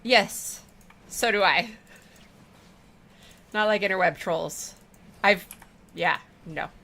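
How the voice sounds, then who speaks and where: A woman's voice: mid-range voice, slow, vocal fry, sharp tone. A woman streamer chatting casually with her viewers while she plays a game, rambling and affectionate. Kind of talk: casual chat while gaming.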